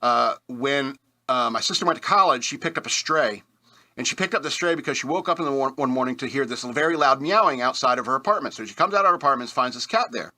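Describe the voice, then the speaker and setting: A man with a strikingly bright, sharp voice, spinning loose personal anecdotes on a talk radio show. He rambles, restarts and laughs at himself as he goes, easygoing and self-deprecating. His pitch sits right in the middle for a man. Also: lively intonation, quick pace. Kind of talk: casual storytelling.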